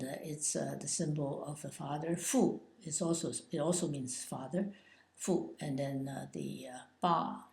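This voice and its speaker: An older woman explains Chinese words at an unhurried pace, pausing often with drawn-out fillers. Her low voice is gravelly and mellow, and it echoes in a bare room. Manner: hesitant, many drawn-out uh fillers. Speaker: Chinese language teacher. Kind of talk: slow explanatory lesson.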